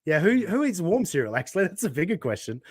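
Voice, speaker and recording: A man's voice: high-pitched, sing-song, quick pace, no echo, studio quality. Laughing Australian man hosting a chat. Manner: laughing, swearing, reads out viewer tips. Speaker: host. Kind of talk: casual chat over a watched stream.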